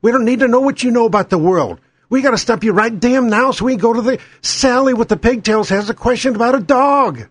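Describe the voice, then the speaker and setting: A pompous, bossy TV anchor barks at debaters to stop talking, pitched well up and pushing hard, as a man mocks him. The sound is close and dry. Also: slightly rough, dry recording. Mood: mocking. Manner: bossy, hurried, mocking.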